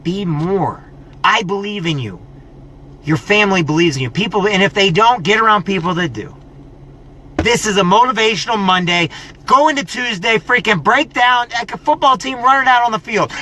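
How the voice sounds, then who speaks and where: A man's voice: high voice, animated, brisk, sharp tone. A middle-aged man giving a preachy, scolding motivational pep talk, mocking people's excuses. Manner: preachy, scolding, mocks excuses in whiny voices. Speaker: motivational vlogger.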